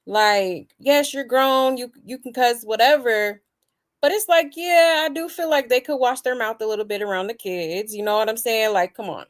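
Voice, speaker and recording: A woman's voice: fairly high pitch, normal speed. Chatty woman hosting a gossip show. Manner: chatty, lots of "like" and "you know". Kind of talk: casual commentary on a clip.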